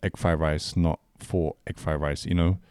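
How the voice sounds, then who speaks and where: A man co-hosting a casual podcast, cracking dry, deadpan jokes and teasing his friend. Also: extremely low pitch, normal speed, clear, resonant tone, no room sound. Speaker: podcast co-host. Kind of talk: casual chat.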